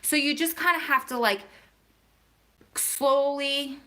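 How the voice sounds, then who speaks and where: A woman vlogger answers her viewers' questions in a casual, chatty way and speaks straight to them. Her voice is bright and a little sharp, pitched in the middle for a woman. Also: lively intonation, a little fast. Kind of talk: casual chat.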